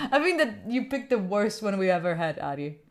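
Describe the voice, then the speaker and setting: Lively playful woman chatting with her stream. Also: mid-range voice, normal speed. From Italy. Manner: playful, swears and laughs often, talks to chat. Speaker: study streamer. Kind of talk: casual live-stream chat.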